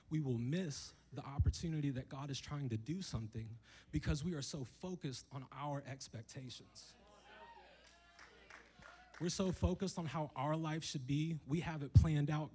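A man's voice: fairly high pitch, moderate pace, warm tone, breathy edge, poor audio. A man preaching as a guest speaker in a church, talking in a loose, joking way and acting out the people in the story he tells. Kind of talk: sermon. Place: church hall with a congregation.

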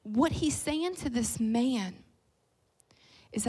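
Kentucky lady preaching, folksy and animated, gets loud then quiet, middle aged. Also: fairly low pitch, normal speed. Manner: animated, folksy, swings between loud and soft. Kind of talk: sermon.

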